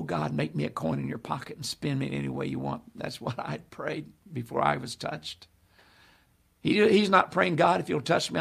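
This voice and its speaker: Gravelly older man preaching a testimony. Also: fairly high pitch. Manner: animated storytelling, acting out quotes. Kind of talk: testimony sermon.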